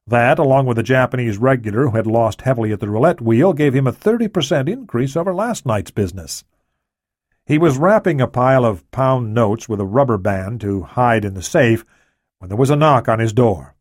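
Steady man reading a thriller. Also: mid-range voice, a little fast, no echo, studio quality. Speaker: audiobook narrator. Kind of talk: scripted thriller narration.

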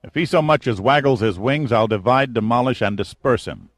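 A man's voice: medium pitch, expressive, brisk, no room sound, clean studio sound, lightly acted. A man voicing a wary, scrappy male sidekick who talks bluntly and sardonically. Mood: menacing.

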